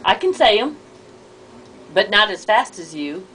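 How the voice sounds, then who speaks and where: A woman gently prompts a relative for stories, mostly with quick, short replies. Her pitch moves around a lot, and a faint hiss sits under the recording. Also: big pitch swings, low-quality recording. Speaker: family interviewer. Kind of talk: casual family chat.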